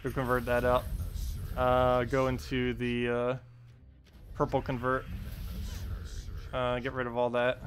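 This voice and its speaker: This young New Jersey-accented American delivers his game-stream commentary in a completely flat, unhurried way, leaving long pauses. His voice is mid-range, and a little hiss or hum sits under the recording. He still rambles casually, fills gaps with ums and uhs, and chuckles at himself.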